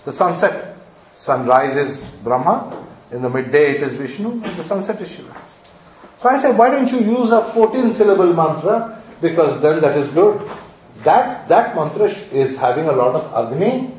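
A man's voice: on the high side, animated, moderate pace, a little mellow, a little hiss or hum. A male astrology teacher lecturing students, emphatic and repetitive, often checking that they follow. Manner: emphatic, repeats key points, quizzes the audience. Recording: very echoey room, mic far off.

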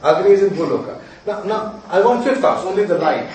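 Lecturing on astrology, a male teacher with a high, darkish voice talks a little fast with lively intonation and few pauses. He stresses and repeats key points and quizzes his audience often. Slight background noise sits under a very echoey sound, with the mic far off.

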